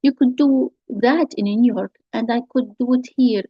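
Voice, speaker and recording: A woman's voice: on the high side, normal speed, breathy edge, no room sound. A woman reading the lines of a managing, bossy older sister from a play, in a dull, dry recording. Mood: insistent. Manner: insistent, persuasive. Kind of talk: reading a play scene aloud.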